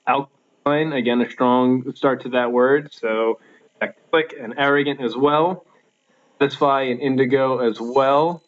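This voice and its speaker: A man's voice: medium pitch, fairly even intonation, measured pace. Man teaching in a dull recording. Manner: plain, instructive, with frequent ums and uhs. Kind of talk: recorded video lesson.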